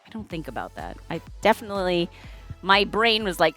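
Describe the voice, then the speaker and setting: A woman hosting a livestream, chatty and rambling, her pitch rising and falling a lot. Faint music plays under her. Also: big pitch swings, brisk, fairly bright tone. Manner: chatty, rambling, trails off and restarts. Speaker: streamer host. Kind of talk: casual chat on a livestream.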